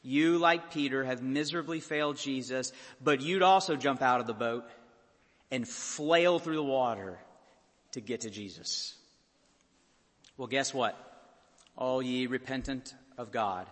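A man preaching a sermon as a pastor, impassioned and building to loud peaks. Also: medium pitch, unhurried. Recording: long hall reverb.

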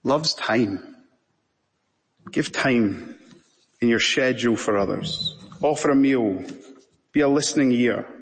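Male Scottish pastor, sermon, middle pitch, impassioned phrasing, long hall reverb. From Scotland. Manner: impassioned preaching with long pauses. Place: church sanctuary.

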